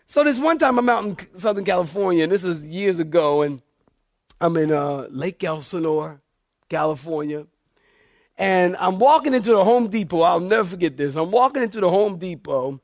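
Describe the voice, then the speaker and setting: A pastor preaches in a church, a man with a high voice who tells stories with a lot of life. He acts out the voices of the people in them. The sound is dry and close. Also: dry recording. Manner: animated storyteller, acts out quoted voices. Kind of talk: sermon storytelling.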